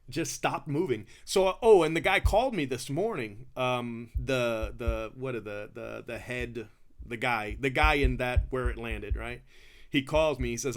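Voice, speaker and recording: A man's voice: medium pitch, fairly bright tone. Chatty man telling a story. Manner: chatty, says bro and you know a lot, laughs often. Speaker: card breaker. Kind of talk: casual storytelling.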